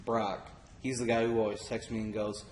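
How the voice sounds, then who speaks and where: A man's voice: on the low side, level tone, moderate pace, darkish tone. A man co-hosting a casual podcast chat with friends, laughing and swearing often and acting out the people he quotes. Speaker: podcast co-host. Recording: echoey room.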